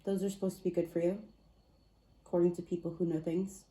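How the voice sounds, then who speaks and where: Speaking quickly in a lowish, mellow voice with little pitch variation, a woman does a relaxed spiritual card reading as a tarot and oracle reader, wandering chattily and amusing herself. It sounds echoey and far from the microphone.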